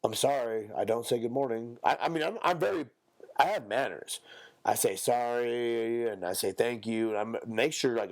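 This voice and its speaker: Gravelly, animated young man ranting. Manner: blunt, profane, mocks others in a high squeaky voice. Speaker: podcast co-host. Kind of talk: casual ranting monologue.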